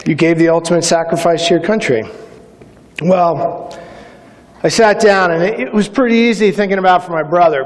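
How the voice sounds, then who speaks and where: A middle-aged man from Massachusetts delivers a motivational keynote on stage, his voice sitting a little high for a man. He tells personal stories with energy and acts out the quotes. The hall adds a long, lingering reverb. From Massachusetts, USA. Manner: energetic storytelling with acted-out quotes. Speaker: keynote speaker.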